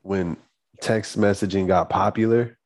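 Laid-back low-voiced man. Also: fairly even intonation, unhurried, darkish tone. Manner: laid-back, short reactions and questions. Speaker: podcast co-host. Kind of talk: casual chat.

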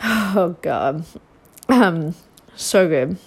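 Youngish woman gossiping on her podcast, lowish voice, chatty and exasperated. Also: lively intonation, extremely slow, creaky, breathy edge. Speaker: podcast host recapping a reality show. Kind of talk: casual chat.

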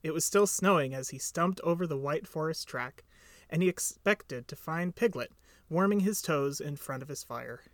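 A man narrating a storybook aloud in an expressive, lilting reading. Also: a little high, normal speed, no room sound. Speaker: reader.

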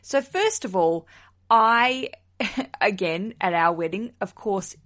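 A woman's voice: mid-range voice, expressive, takes it slowly, a bit bright. Outspoken woman podcaster. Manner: outspoken, swears freely, laughs often. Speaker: wedding podcast host. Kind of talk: casual solo podcast chat.

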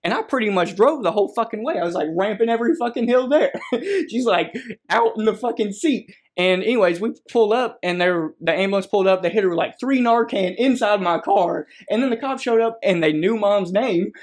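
High-voiced male podcast host, profane and laughing storyteller. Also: a little fast. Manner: profane, laughing while telling stories. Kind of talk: casual chat, storytelling.

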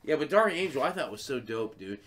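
A man's voice: mid-range voice, big pitch swings, a little fast, a bit bright. A man co-hosting a podcast in casual chat, swearing freely, laughing often and acting out voices. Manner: profane, laughing, acts out voices. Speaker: podcast co-host.

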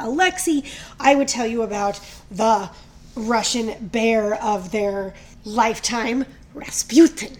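A woman's voice: fairly high pitch, a little hiss or hum. Gushing woman with a raised voice. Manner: excitable, gushing. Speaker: podcast co-host. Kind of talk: casual chat.

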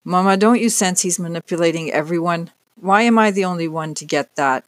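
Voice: medium pitch, brisk, dry recording, close to an everyday voice. A narrator voicing a fierce, protective young woman who talks urgently and insistently. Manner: urgent, forceful.

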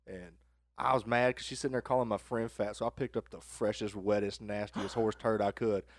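A podcast co-host from Arkansas tells a crude story in casual chat, laughing along the way. His fairly low voice has fairly even intonation and a fairly quick pace, recorded in a clean studio with no room sound.

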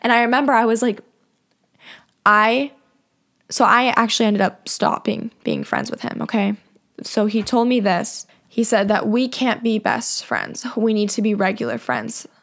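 A woman's voice: fairly high pitch, steady tone, a little slow, gravelly, a bit bright. A young adult woman hosting a solo podcast, talking candidly and emotionally to her listeners, with many fillers and direct asides. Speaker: podcast host. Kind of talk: confessional solo podcast monologue.

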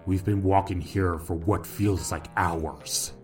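A man's voice: sits low, fairly even intonation, takes it slowly, soft background music. A man voicing a tired male soldier who grumbles and complains. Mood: weary.

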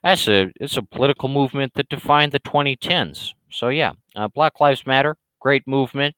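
A man's voice: medium pitch, normal speed, a bit bright, smooth, dry recording, rough recording. A man rambling through casual livestream talk, hesitant and full of restarts as he answers viewer questions. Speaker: streamer and comic creator.

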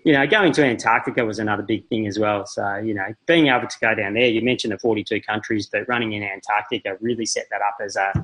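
A middle-aged man, a marathon runner and podcast guest, telling travel stories animatedly and acting out quotes in high voices. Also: fairly even intonation, fast talker, hardly any pauses, fairly bright tone, slightly rough, rough recording. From Australia. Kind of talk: casual storytelling.

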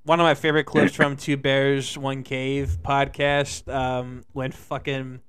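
A man's voice: mid-range voice, level tone, unhurried, a bit bright, smooth. A young man co-hosting a podcast, joking loosely and swearing in casual banter. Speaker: podcast co-host.

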